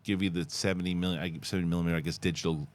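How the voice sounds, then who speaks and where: Deep-voiced man, chatty podcast host. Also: racing. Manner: animated storyteller, laughs often. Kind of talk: casual chat and sponsor read.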